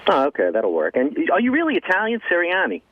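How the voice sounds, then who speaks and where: A man's voice: high-pitched, huge pitch swings, quick pace. A man in his forties calling in to a radio show, chatty and hedging. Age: 40s. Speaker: caller. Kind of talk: phone-in chat. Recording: tinny phone line.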